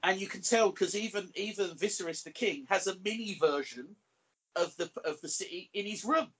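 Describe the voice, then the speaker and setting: A man's voice: sits high, fairly quick, fairly bright tone, breathy edge. A man co-hosting a casual podcast, chatty and peppering his talk with "you know". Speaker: podcast co-host.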